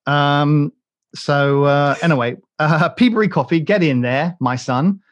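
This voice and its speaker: A man's voice: a little high, a little slow. Rambling, joking British man. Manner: rambling, joking, many restarts and fillers. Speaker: podcast host. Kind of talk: casual chat.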